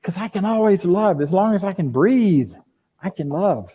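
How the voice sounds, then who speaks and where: An older man preaching a conversational sermon as a minister, lively and full of rhetorical questions to his congregation. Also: sits high, normal speed, breathy edge. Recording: dull lo-fi sound.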